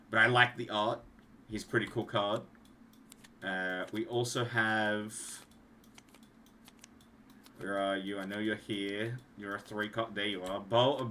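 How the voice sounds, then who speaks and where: A man's voice: on the low side, sharp tone, a little hiss or hum. A young man, rambling casually on a livestream as he shows off card designs he made, trailing off and restarting often. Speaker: streamer and card game designer.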